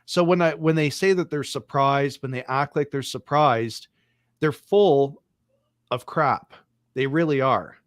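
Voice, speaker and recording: A man's voice: medium pitch, moderate pace, fairly bright tone, no echo, clean studio sound. A man guesting on a political discussion, arguing through a stream of pointed rhetorical questions. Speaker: podcast guest.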